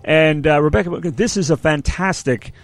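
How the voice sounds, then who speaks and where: A man's voice: a little high, normal speed. Rambling self-deprecating male co-host. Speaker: co-host of a music show. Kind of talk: casual radio chat.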